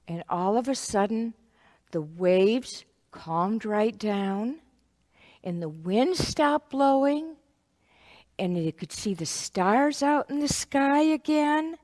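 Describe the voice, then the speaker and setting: A woman teaching a children's ministry lesson, telling a Bible story to kids in an animated, expressive way. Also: on the high side, slow pace. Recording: echoey hall.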